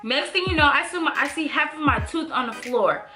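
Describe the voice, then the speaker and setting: Young woman vlogger, high pitched, chatty storyteller, music bed. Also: a little fast. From Bay Area, California. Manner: animated, many "like" fillers, addresses viewers as "y'all". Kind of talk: casual storytelling.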